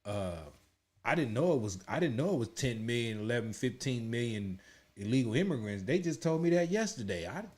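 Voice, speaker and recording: A man's voice: medium pitch, expressive, a little fast, a little mellow, lightly acted. A man mocking a stammering woman politician. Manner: hesitant, filled with "uh" and "you know". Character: halting woman politician, flustered and evasive.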